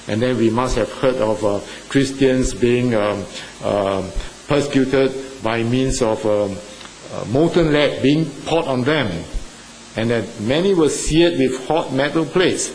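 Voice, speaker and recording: A man preaching a sermon with an earnest, halting delivery, full of fillers, rising with emphasis at key points. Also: mid-range voice, a little mellow, a little hiss or hum, poor audio. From Singapore or Malaysia.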